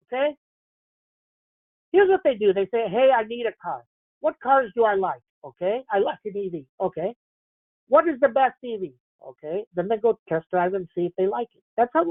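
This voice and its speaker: Male stock market host on a live morning call, blunt and profane, prodding viewers; animated delivery, dry phone-quality audio. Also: extremely high pitch, no room sound. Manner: blunt, profane, prods the audience to answer. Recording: tinny phone-like dry sound.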